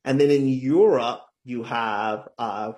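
Man, middle-aged, interview guest, eager, conversational, mid-pitched voice. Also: slow, darkish tone. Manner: enthusiastic, keeps asking "right?". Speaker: guest author.

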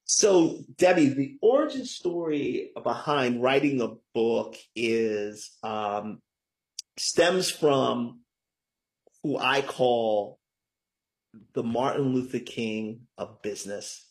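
A middle-aged man talks through a casual interview as a guest, explaining things in an easy, chatty way. He leans hard on key words and keeps checking in with the listener. His voice sits at an ordinary pitch. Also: animated, slow pace. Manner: chatty, lots of "right?" tags, emphatic. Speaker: guest, author.

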